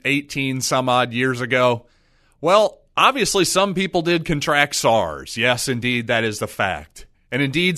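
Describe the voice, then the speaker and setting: Bright-voiced sarcastic male podcast host. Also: medium pitch, no echo, clean studio sound. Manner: sarcastic, animated, mocking asides. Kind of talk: casual solo commentary.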